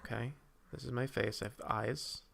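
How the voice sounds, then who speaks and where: A man's voice: medium pitch, steady tone, moderate pace, gravelly, a bit bright, clear, resonant tone. A man hosting a casual livestream, rambling while he reads and answers viewers' comments and draws. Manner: drawing while talking. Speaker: streamer host.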